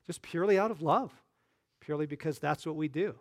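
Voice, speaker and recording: A man's voice: on the high side, fast. A man preaching a sermon and leading a group in declarative prayer, earnest and emphatic. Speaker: pastor.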